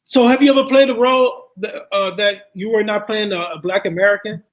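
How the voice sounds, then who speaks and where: A man's voice: sits high, fairly even intonation, a little fast, low-quality recording. A man hosting a casual interview, framing long questions with frequent restarts. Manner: searching, restarts often while framing questions.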